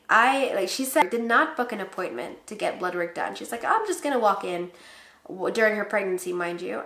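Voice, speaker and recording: A young Filipina in her twenties, a pregnancy vlogger, chats casually to camera in a fairly high-pitched, slightly bright voice. She laughs often and acts out quotes, recorded in an echoey room.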